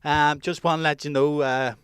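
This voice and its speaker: A man's voice: little pitch movement, normal speed, smooth, no echo, clean studio sound, lightly acted. A man doing a cheeky overfamiliar prank caller. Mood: mock friendly. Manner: mock-friendly phone patter, louder and higher.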